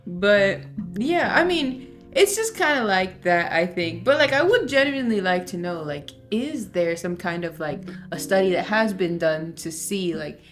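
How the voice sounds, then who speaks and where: A woman's voice: medium pitch, expressive, unhurried. A woman with a mid-range voice hosts a casual podcast, teasing her sister and moving the talk along. She sits close to the mic, with faint music in the background. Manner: playful and teasing, laughs often. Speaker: podcast host, older sister. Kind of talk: casual chat. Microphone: close studio mic.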